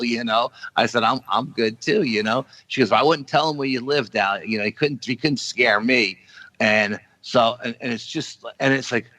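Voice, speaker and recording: On a podcast roundtable, a man who investigates the paranormal relates a lengthy dream, voicing everyone else's lines in lively, acted-out quotes. He speaks on the low side, and the low-quality audio has no room sound.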